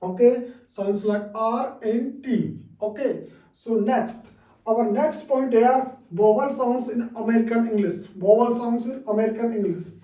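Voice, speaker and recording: Male teacher, halting speech with restarts, mellow tone, echoey room, mic far off. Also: very high voice. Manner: halting, frequent restarts and "okay" fillers. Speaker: English teacher. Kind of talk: reading through lesson slides. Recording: roomy echo, distant mic.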